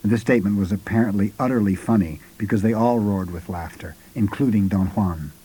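Low, dark-voiced male audiobook narrator. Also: fairly quick, slightly rough, low-quality recording.

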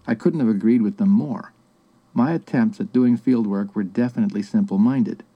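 A man giving a measured, reflective first-person audiobook narration. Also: lowish voice, muffled recording.

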